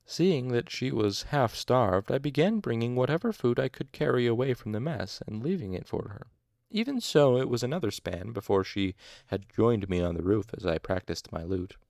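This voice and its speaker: A man's voice: medium pitch, expressive, normal speed, vocal fry, darkish tone, no echo, clean studio sound. A man reading a novel aloud expressively, with occasional asides and self-corrections. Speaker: audiobook narrator.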